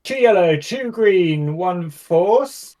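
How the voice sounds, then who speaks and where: A man's voice: sits high, takes it slowly. Laid-back tabletop player man. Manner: relaxed, laughs often, reasons out rules. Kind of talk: casual tabletop play.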